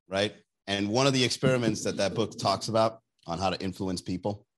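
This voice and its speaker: A man's voice: mid-range voice, fairly bright tone. A man ranting casually and comedically as a podcast host, loose and slangy, swearing and laughing at his own jokes. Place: Miami area.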